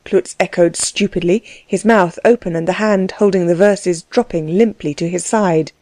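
A woman narrating a novel in a steady, measured reading. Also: on the low side, no room sound. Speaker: audiobook narrator. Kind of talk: scripted narration.

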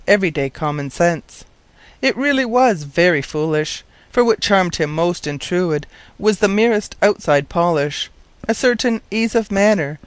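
A man reading a story aloud in measured, wry scripted narration. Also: high-pitched, dry recording. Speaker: audiobook narrator.

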